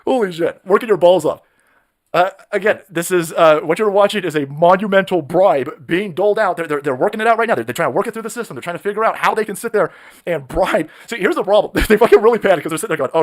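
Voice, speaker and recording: A man hosting a live stream, ranting in a profane, mocking way and shouting often. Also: sits high, quick pace. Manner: profane, mocking, shouting rants with mimicked voices.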